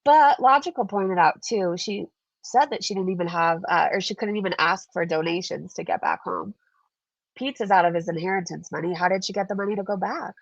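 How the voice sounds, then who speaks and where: A woman vlogger talks through viewer comments in a chatty, sarcastic way. Her voice is congested and gravelly. The recording is dry and a bit muffled. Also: on the low side, brisk, dry recording. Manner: chatty, sarcastic, laughs often. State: stuffed up, congested. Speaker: commentary channel host. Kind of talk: casual commentary vlog reading viewer comments.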